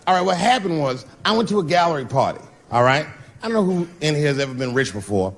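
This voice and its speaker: A man doing a stand-up comedy set, telling profane stories in an animated way and acting out voices. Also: a little high, fast. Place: comedy club stage. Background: audience laughter.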